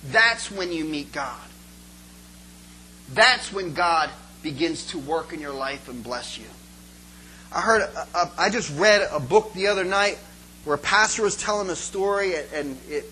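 A pastor preaching a passionate sermon to his church, moving between quiet, chatty asides and loud, pleading calls. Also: high-pitched, slight background noise, rough recording.

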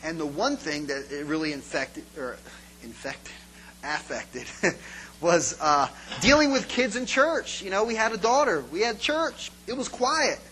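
A man's voice: high voice, a little slow, a little hiss or hum, rough recording. A man giving an informal sermon as a pastor, telling stories and acting out scenes for his congregation. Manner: animated storytelling, acts out scenes.

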